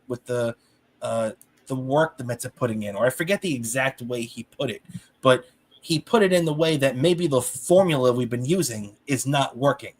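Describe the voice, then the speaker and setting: A man co-hosting a sports podcast, ranting in heated, animated casual talk and swearing freely. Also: medium pitch. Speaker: podcast co-host.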